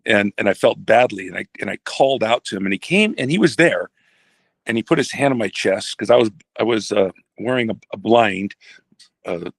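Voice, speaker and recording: An older man, a retired pastor, telling a personal story in a halting, reflective way with many restarts. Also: on the low side, expressive, vocal fry, dry recording.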